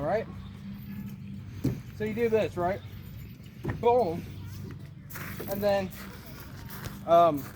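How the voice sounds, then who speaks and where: A man giving a goofy tutorial at an outdoor playground, excitable and joking and always asking "right?". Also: high-pitched, background noise. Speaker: vlogger.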